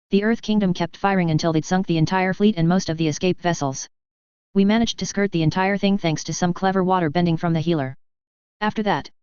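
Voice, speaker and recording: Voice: medium pitch, a little mellow, clean tone, dry recording, natural voice. A narrator putting on a blunt, irritable young woman soldier. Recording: dry, slightly dull.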